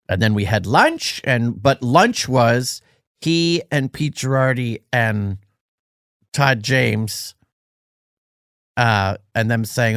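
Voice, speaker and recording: A man's voice: mid-range voice, animated, slow, fairly bright tone, no echo, clean studio sound. A man co-hosting a podcast, telling a rambling story in casual chat and stopping to search for words. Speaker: podcast co-host. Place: Los Angeles.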